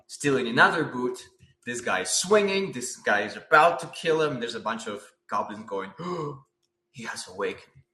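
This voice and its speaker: Guy teaching storyboarding on a livestream, bright voice, keeps asking questions and saying right?, roomy echo. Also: mid-range voice. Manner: animated, asks many rhetorical questions, uses "right?" often. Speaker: concept artist teaching storyboarding. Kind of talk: live-stream art lecture.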